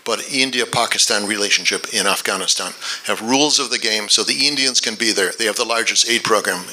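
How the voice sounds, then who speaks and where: Male policy speaker, low and bright, measured with verbal restarts, faint noise behind. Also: low-quality recording. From United States. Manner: measured, repeats words while thinking, dry asides. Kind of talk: policy talk and Q&A answer.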